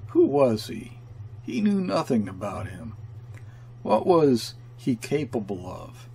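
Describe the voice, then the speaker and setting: A man narrating a classic story as an audiobook reader, in measured, deliberate delivery. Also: mid-range voice, huge pitch swings, creaky, warm tone, husky.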